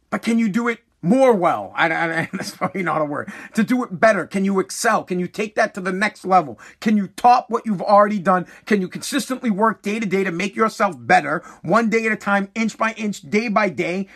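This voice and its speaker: A man's voice: sits high, a bit bright. A man in his thirties telling a casual story about his son, blunt and swearing freely. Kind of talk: casual monologue.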